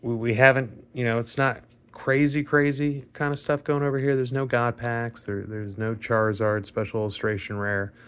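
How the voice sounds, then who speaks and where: A man with a raspy voice, chatting casually and rambling with fillers and mild swearing while opening trading card packs. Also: medium pitch, flat delivery, normal speed, few pauses, a bit bright. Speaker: card pack opening vlogger. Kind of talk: casual pack opening commentary.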